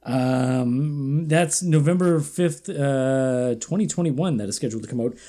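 A man's voice: medium pitch, a little slow, dark tone. A man co-hosting a casual podcast chat, rambling loosely with many fillers and frequent laughs. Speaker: podcast co-host.

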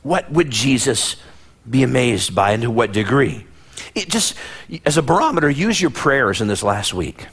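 A man's voice: mid-range voice, big pitch swings, moderate pace, fairly bright tone, slightly rough. A man preaching a sermon as pastor, dramatic, acting out the people of his story in voices and often repeating and restarting phrases. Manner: dramatic, acts out the Bible figures in voices.

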